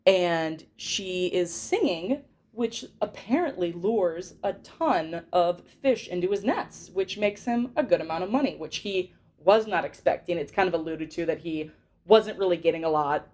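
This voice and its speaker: A woman's voice: lowish voice, animated, measured pace, darkish tone. A young woman hosting a podcast, recapping a film in a chatty, rambling way with lots of fillers and giggles. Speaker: podcast host. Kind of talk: casual movie recap chat.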